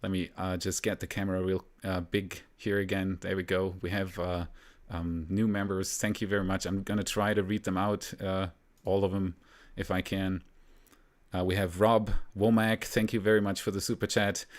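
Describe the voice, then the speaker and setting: A man from Germany hosting a live stream, chatting casually and rambling a little, with frequent fillers and soft laughs. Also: deep voice, little pitch movement, normal speed. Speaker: livestream host.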